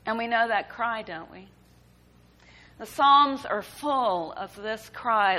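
Woman preacher, slow measured sermon voice, leans into the big lines. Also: fairly high pitch, bright, forceful tone, low-quality recording. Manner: slow, deliberate preaching with emphatic rises.

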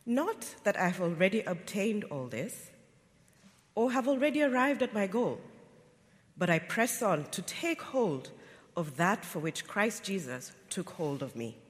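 Brief English man, high lively voice, formal Bible reading, distant echoing church. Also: a little slow. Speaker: scripture reader. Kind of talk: scripture reading. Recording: distant, reverberant church hall.

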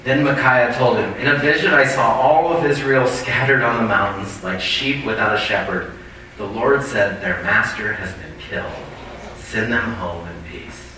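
A man's voice: medium pitch, moderate pace, sharp tone, a little hiss or hum. A male pastor preaching a sermon, reading scripture aloud and breaking off with asides to the congregation. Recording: distant mic in a very echoey hall.

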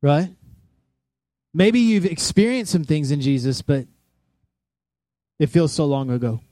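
A man preaching a sermon in a church, animated, acting out voices and sounds as he tells the story. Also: a little high, unhurried, no echo, clean studio sound. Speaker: pastor.

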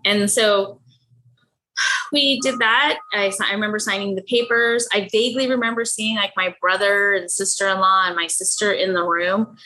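A woman guest telling a personal story in an interview, candid and animated, laughing often and acting out what people said. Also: normal speed, low-quality recording. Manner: animated, acts out her own past dialogue with lively pitch jumps. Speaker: podcast guest.

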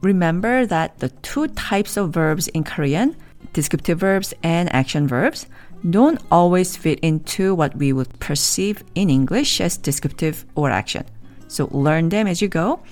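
A woman teaching a language lesson, explaining grammar in measured, clear scripted narration and repeating example sentences slowly. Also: lowish voice, expressive, a little mellow, soft background music.

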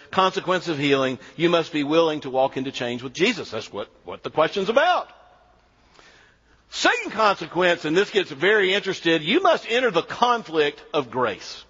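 Preaching a sermon, this pastor speaks in a husky voice, emphatic and animated, though at times he drops into a low, quiet delivery. The sound is dull, with a long hall reverb.

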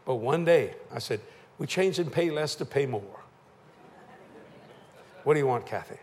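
A man's voice: mid-range voice, lively intonation, measured pace, long pauses, darkish tone, a little hiss or hum. An older man preaching a sermon, folksy and joking as he tells stories. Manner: folksy, joking, southern-tinged church talk. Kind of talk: sermon with storytelling and humor.

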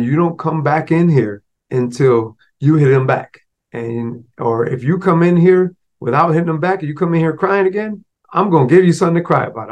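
A man's voice: medium pitch, close to an everyday voice. A man putting on a stern, frantic mother. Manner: sharp and commanding. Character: stern, frantic mother scolding her young son.

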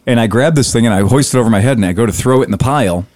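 A man telling a story in casual podcast chat, swearing freely and animated. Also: mid-range voice, racing, no room sound.

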